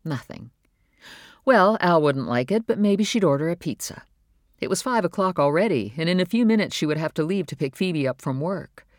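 An audiobook narrator reading a novel in a measured, even storytelling voice on a close studio mic. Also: mid-range voice, no echo. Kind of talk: scripted narration.

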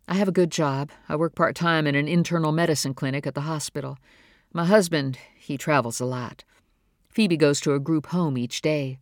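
A narrator voicing a grown woman, a guarded and defensive mother who speaks earnestly with quiet strain. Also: mid-range voice, no room sound, studio quality, close to an everyday voice.

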